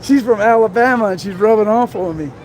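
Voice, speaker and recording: A man's voice: sits high, brisk, darkish tone. A man from Baltimore with a Baltimore accent, chatting casually to viewers on a live stream outdoors at night, laughing often. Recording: noisy street and traffic sound.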